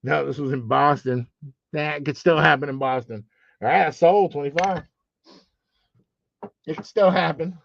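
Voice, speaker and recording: A man's voice: fairly high pitch, moderate pace, gravelly, pauses often, a bit bright, no room sound, highs cut off. A man hosting a live sports card auction stream, teasing his chat with profane jokes and calling out bids.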